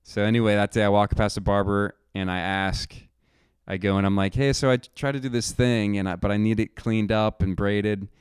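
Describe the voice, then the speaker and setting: A man's voice: lowish voice, steady tone, brisk, smooth, dry recording, clean studio sound. A young man rambling through a casual monologue, swearing freely and acting out what he and others said. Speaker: podcast host telling a personal story.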